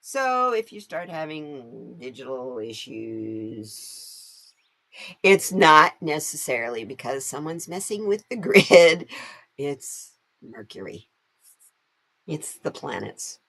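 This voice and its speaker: Woman, live-stream tarot host, chatty and easy to laugh, with a very lively pitch. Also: slow pace. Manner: chatty, laughs often, greets viewers by name. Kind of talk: casual live-stream chat with viewers.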